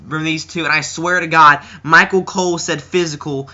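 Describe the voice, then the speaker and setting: A teenage boy giving a rambling, casual video review, with lots of fillers, who slips into a higher voice when he quotes people. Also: steady tone, moderate pace, sharp tone, highs cut off. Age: teens. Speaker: wrestling reviewer. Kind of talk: casual chat.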